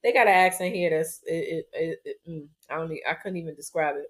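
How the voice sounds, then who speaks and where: Lively woman podcast co-host. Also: deep voice, fast talker. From United States. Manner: laughs often, energetic show opener. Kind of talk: casual chat. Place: lives in Florida.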